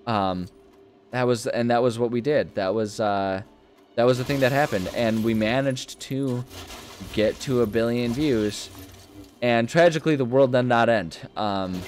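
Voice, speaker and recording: A young man commenting casually while playing a video game, rambling and easily amused, often breaking into high-pitched laughter. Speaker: gaming video host. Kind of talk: casual let's-play commentary.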